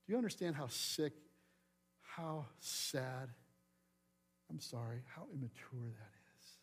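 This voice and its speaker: A middle-aged man preaching a sermon as pastor, swinging between loud emphatic lines and soft quiet asides. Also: mid-range voice, animated, slow pace, husky.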